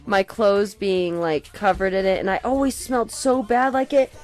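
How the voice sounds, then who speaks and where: A woman's voice: medium pitch, normal speed, darkish tone. A young woman from Colorado, chatting loosely on a podcast, rambling and swearing freely. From Colorado, USA. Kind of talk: casual chat.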